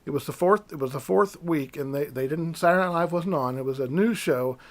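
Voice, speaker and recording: A man in his fifties with a fairly high voice tells stories in a relaxed podcast conversation. He is animated and acts out the people in his stories as he goes. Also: fairly quick. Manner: storytelling, animated, mimics voices in quotes. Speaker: podcast guest. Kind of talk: casual chat.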